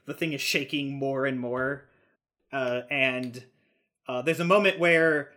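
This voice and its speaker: A man's voice: mid-range voice, sharp tone. A man narrating a tabletop game as game master, in a casual, rambling way with frequent fillers and chuckles.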